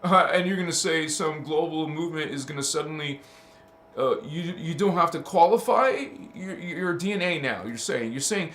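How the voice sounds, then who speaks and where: High-voiced man hosting a chatty spiritual livestream. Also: expressive, moderate pace, fairly bright tone. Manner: emphatic, chatty, calls listeners honey and baby, laughs often. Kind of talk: casual livestream talk reading chat. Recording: roomy echo.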